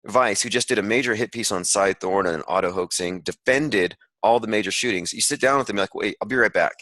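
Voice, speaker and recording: A man's voice: lowish voice, fairly quick, fairly bright tone, no echo, rough recording. A man hosting an online call, giving rambling, sarcastic commentary while reading an article aloud. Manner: sarcastic, rambling, with frequent asides. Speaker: podcast host.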